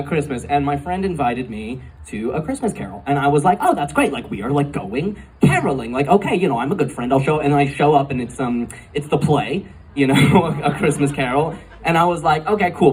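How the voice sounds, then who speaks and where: A young man doing stand-up in a club, his slightly high voice rambling and giggling through a story. He sounds distant from the microphone, with a faint hum of the room underneath. It is a live club recording. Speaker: stand-up comedian. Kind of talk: stand-up comedy set. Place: comedy club stage.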